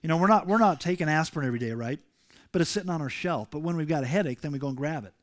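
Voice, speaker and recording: A male pastor preaching a sermon to his congregation, emphatic and rising loud when he reads scripture. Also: fairly high pitch, animated, very fast. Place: church sanctuary.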